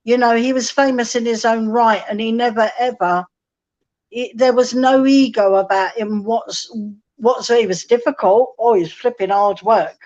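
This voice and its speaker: Lady guest rambling through stories, voice a touch high, dull muffled stream sound. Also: fairly even intonation, moderate pace, darkish tone. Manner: chatty storytelling, acts out quoted dialogue. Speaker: guest singer-songwriter. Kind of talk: casual live-stream chat. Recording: dull lo-fi live-stream audio.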